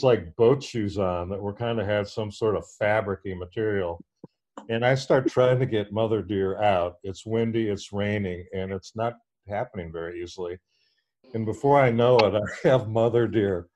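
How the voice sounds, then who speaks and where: A fairly low-pitched man hosting a podcast, spinning a rambling anecdote for his friends. He pokes fun at himself and chuckles through the telling, in a loose, casual way. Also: darkish tone. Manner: rambling, self-mocking, laughs while telling. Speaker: podcast host. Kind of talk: casual storytelling.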